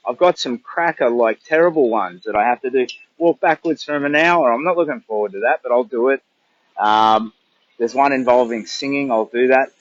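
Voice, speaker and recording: A man's voice: medium pitch, no room sound, lo-fi sound. An older man with an Australian accent, chatting in a rambling, casual way on a livestream during a long charity walk. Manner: rambling, chatty, thinks aloud.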